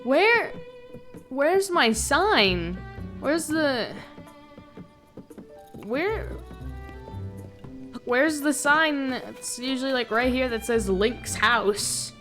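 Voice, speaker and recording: A young woman streaming a video game, swinging between loud excitement and low muttering as she talks. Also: very slow, pauses often, soft background music. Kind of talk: casual gameplay commentary.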